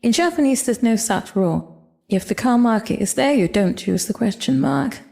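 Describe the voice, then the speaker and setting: Gravelly woman explaining a lesson. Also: a little high, animated, warm tone. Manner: clear, measured explaining with examples. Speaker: language teacher.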